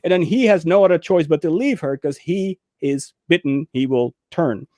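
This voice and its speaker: This man's voice runs a little high at a moderate pace, with no echo. Co-hosting a relaxed movie talk show, he's an animated storyteller who acts out scenes by raising his voice.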